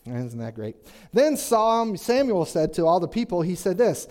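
A man with a high-pitched, slightly mellow voice preaches at normal speed, his pitch swinging widely. His sermon is conversational and chatty, with joking asides and questions put to the congregation.

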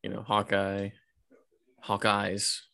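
A fairly low-voiced man chatting on a podcast in a laid-back way, filling his sentences with "like" and "you know". The sound is close and dry. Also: takes it slowly, creaky, clear, resonant tone, no echo. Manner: relaxed, hedging with "you know" and "like". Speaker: podcast co-host. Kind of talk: casual chat.

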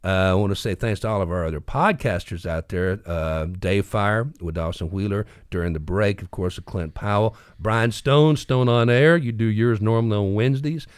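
A man's voice: fairly low pitch, moderate pace, few pauses, smooth, no room sound, clean studio sound. Folksy man telling tales. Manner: folksy, animated storyteller who laughs often. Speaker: podcast host. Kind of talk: storytelling and local news roundup.

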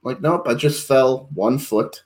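A man's voice: mid-range voice, unhurried. A man co-hosting a podcast in casual chat, joking drily. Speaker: podcast co-host.

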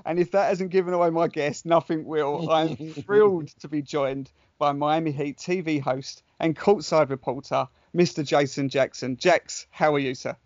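Man, British accent, podcast host, eager, restarts often, slightly high voice, dull lo-fi sound. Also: steady tone, moderate pace, few pauses, darkish tone, dry recording. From United Kingdom. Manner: enthusiastic, hesitant restarts. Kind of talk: casual podcast interview.

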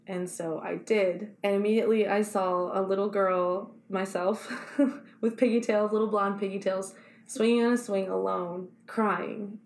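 A woman's voice: mid-range voice, steady tone, moderate pace, a little mellow. A woman co-hosting a casual podcast chat, telling a candid, emotional personal story. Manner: candid, emotional storytelling with quoted inner voices. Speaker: podcast co-host, actor. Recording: echoey room.

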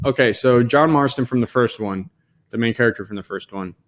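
Speaking fairly quickly at a medium pitch, a male podcast co-host in the Dallas area keeps things casual. He's laid-back and foul-mouthed, and "dude" comes up constantly.

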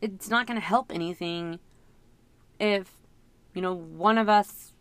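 A woman's voice: medium pitch, a little slow, fairly bright tone, dry recording. A middle-aged woman talking through her thoughts in a casual, rambling, reflective monologue, full of fillers. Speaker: parent sharing reflections.

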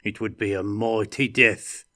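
Guy doing a gruff dwarf warrior for a storybook, loud and slow, low booming voice. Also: flat delivery. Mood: boastful.

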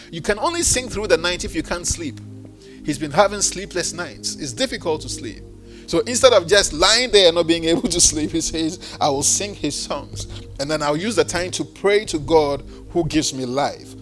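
A man's voice: high-pitched, normal speed, faint music behind. A man preaching a sermon, reading scripture aloud with rising and falling emphasis. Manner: expressive preaching, reads scripture aloud with swells and drops.

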